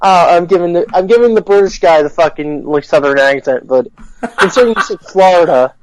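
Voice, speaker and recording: A man's voice: sits high, brisk, darkish tone, dry recording, rough recording. A man co-hosting a podcast, rambling through crude jokes with lots of giggling. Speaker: podcast co-host. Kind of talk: crude casual banter.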